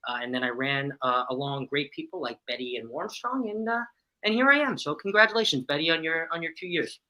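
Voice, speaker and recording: A man introducing himself as a guest on a livestream, friendly and easygoing, with frequent filler pauses. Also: fairly high pitch, animated, pushed and bright, rough recording. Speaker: guest, cruise channel creator. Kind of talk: casual self-introduction.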